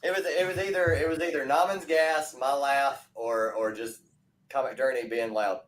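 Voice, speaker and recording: A man hosting a casual chat, telling stories in an animated way with frequent laughs. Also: medium pitch, moderate pace. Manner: animated storytelling, laughs often. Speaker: host.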